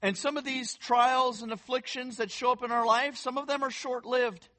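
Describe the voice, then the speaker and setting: A pastor preaching an earnest, emphatic sermon, often repeating words for emphasis and building to loud stressed phrases. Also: high-pitched, steady tone, moderate pace.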